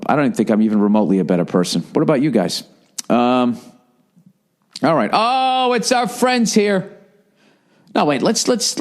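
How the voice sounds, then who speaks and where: A middle-aged man from the United States hosting a podcast, riffing in a rambling, exasperated comic monologue full of profanity. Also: darkish tone. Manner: frequent profanity, exasperated, mimics people in high voices. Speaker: podcast host.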